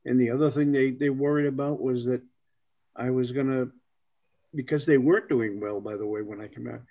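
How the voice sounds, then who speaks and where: Gravelly Boston man telling stories. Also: mid-range voice, steady tone, a little fast, lo-fi sound. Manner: rambling, repeats words, storytelling. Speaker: business leader on a panel. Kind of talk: panel discussion storytelling.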